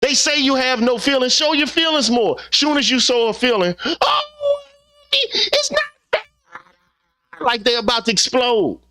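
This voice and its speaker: A man's voice: very high-pitched, fairly quick, few pauses, bright, forceful tone. Emphatic, profane man ranting. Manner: emphatic, profane, repetitive rhetorical questions. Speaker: channel host. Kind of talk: opinion rant monologue.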